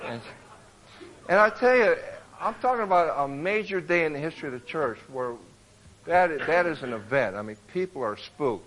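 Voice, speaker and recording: Brief: male preacher, slightly higher voice, loose conversational storytelling sermon, acts out characters. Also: normal speed, a little hiss or hum, low-quality recording. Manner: colloquial storytelling, acting out characters with animated asides.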